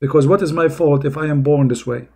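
A man giving critical commentary on a played video clip, mocking and sarcastic, halting with many fillers. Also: fairly high pitch, fairly even intonation, a little mellow, breathy edge. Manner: mocking and sarcastic, keeps calling the listener brother.

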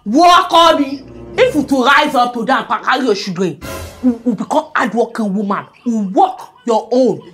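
Brief: woman as a scolding Nigerian therapist, high lively voice, soft music underneath. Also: normal speed. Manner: loud, scolding, exclaiming, mixes pidgin and Yoruba. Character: bossy loud-mouthed female therapist. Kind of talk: comic sketch acting.

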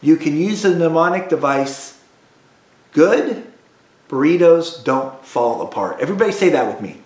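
A male school music teacher leads children through note drills, speaking slowly and repeating each line with them. His voice sits high and swings widely in pitch. The recording has the echo of a bare room. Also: sing-song. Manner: slow, patient, repeats drills for kids. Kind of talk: call-and-response music lesson. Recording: echoey room.

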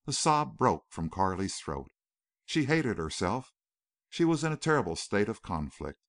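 A man narrates a novel in a dramatic, expressive style. His voice is on the lower side and swings widely in pitch. The sound is dry and close to the mic. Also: a little slow, dry recording. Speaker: audiobook narrator. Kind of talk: scripted narration.

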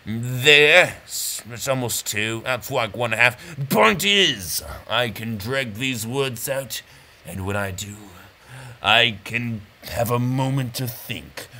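A man's voice: mid-range voice, slow, bright, forceful tone. A man giving casual, rambling, self-mocking commentary over a brain-training game. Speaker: gameplay commentator.

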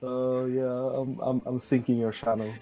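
A man playing a video game with a friend, laughing and bursting out loud. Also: medium pitch, little pitch movement, normal speed. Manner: laughing, loud outbursts, doing character voices. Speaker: gamer co-player. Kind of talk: casual let's-play banter.

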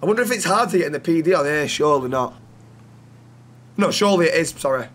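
A man chats through a game stream in a raised, slightly high voice. He swears freely and throws teasing banter at the other players. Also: animated, fast, fairly bright tone. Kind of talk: casual game-stream chat.

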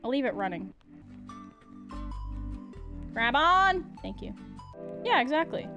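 A young woman streaming a game, chatting casually, laughing often and yelling at the game. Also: on the high side, very animated, brisk, highs cut off, soft background music. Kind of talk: casual gameplay commentary.

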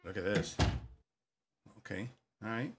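A man's voice: fairly low pitch, unhurried, heavy background noise. A man giving joking commentary on a horror game, reacting aloud to scares and talking back to the story. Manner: jokey, talks back to the game, yelps at scares. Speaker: gaming commentator.

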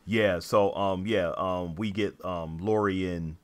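A man's voice: low-pitched, fairly even intonation, slow pace. A man co-hosting a podcast in casual chat, hesitant and agreeable, with many fillers. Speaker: podcast co-host.

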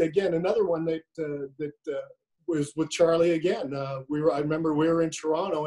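A man, a former pitcher, recounting relaxed anecdotes on a video call. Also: poor audio.

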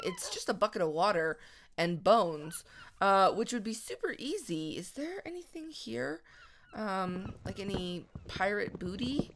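Bright, lively young woman gaming. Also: medium pitch, a little hiss or hum. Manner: excitable, chatty, squeals and gasps at surprises. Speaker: gaming video host. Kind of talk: casual gameplay commentary.

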